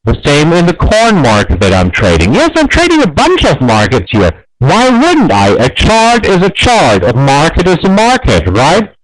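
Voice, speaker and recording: A male trading instructor delivers a webinar lesson in a fairly high voice that swings widely in pitch. He talks persuasively and peppers his points with rhetorical questions. The sound is close and dry. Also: wildly swooping pitch, normal speed, few pauses, no room sound, rough recording.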